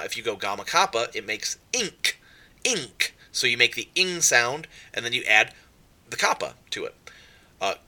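A man's voice: on the low side, pushed and bright. A man teaching Greek letters and accents in a casual way, often repeating himself and saying um. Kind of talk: explaining at a whiteboard.

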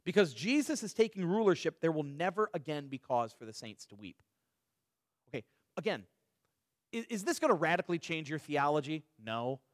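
His voice is a little high and moves through big pitch swings, captured with clean studio sound and no room sound. Leading a conversational Bible study, he asks rhetorical questions, offers everyday examples, and often restarts, repeating words quickly.

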